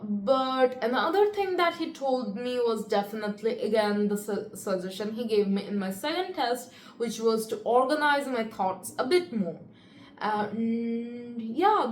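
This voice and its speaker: A teenage girl talking casually to the camera in a chatty, rambling way, full of fillers. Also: fairly high pitch. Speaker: student vlogger. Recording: echoey room with faint ambient noise.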